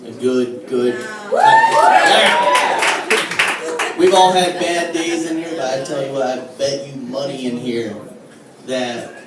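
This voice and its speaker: A male stand-up comedian in a comedy club, working through crude, self-mocking stories in a loose, casual rhythm, his voice at an ordinary middle pitch. He is heard from well back in a very echoey room, over noise and the crowd's laughter. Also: huge pitch swings, slow, distant mic. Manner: casual, crude, self-mocking storytelling with frequent "all right?" and "like". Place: comedy club stage with live audience. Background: audience laughter and room ambience.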